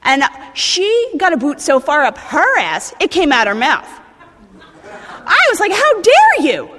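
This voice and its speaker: A woman's voice: sits high, sing-song, measured pace, sharp tone, in a large hall. A woman in her thirties with a New Jersey accent, speaking bluntly and animatedly at a recovery meeting, swearing and restarting her sentences. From New Jersey, USA. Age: 30s.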